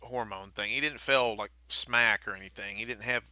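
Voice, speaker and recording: A man from Baltimore co-hosting a wrestling podcast, joking and teasing in animated casual banter. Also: fairly low pitch, normal speed, no echo.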